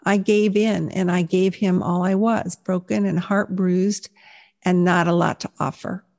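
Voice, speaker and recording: A woman's voice: fairly low pitch, little pitch movement, measured pace, creaky, a little mellow. A woman in her sixties giving a personal faith testimony, telling her story in an earnest, reflective way. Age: 60s.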